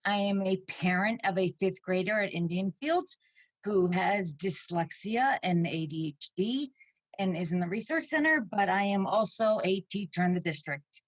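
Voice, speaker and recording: A woman's voice: mid-range voice, moderate pace, dry recording, muffled recording. A woman in her forties, a parent and teacher, crying as she gives an emotional public comment at a meeting. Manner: tearful, pleading, shaky.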